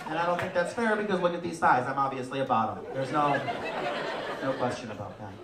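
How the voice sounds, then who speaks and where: A young adult man doing a stand-up comedy set on a club stage, deadpan with sudden loud outbursts. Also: sits high, a little fast, distant mic, a crowd in the background, noisy background. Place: comedy club stage before a live audience. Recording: roomy live club sound, from the back, audience laughter.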